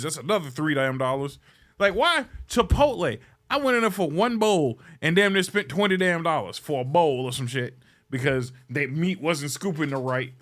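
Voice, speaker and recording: A man hosting a podcast, ranting in a casual, comedic way. He swears freely and sounds exasperated. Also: fairly high pitch. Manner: profane, exasperated, animated complaining. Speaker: podcast host.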